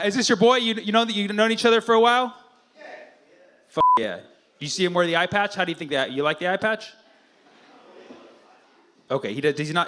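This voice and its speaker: A man doing stand-up crowd work, teasing and profane in quick banter with the audience. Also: sits high, pushed and bright. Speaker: stand-up comedian. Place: comedy club stage.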